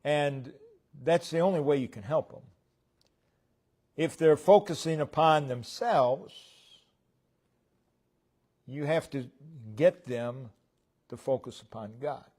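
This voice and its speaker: A man delivers a sermon in a church at an unhurried, measured pace. His voice sits slightly high for a man, and he breaks his points into short phrases that fall away at the ends. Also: darkish tone. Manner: slow, deliberate preaching with pauses between phrases. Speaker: preacher.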